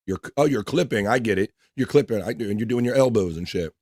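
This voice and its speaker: A lowish-voiced man from the East Coast of the US reads his livestream chat aloud message by message in a laid-back, profane way, tossing off running shout-outs, quick greetings, and crude asides. The recording is dry and close with no echo.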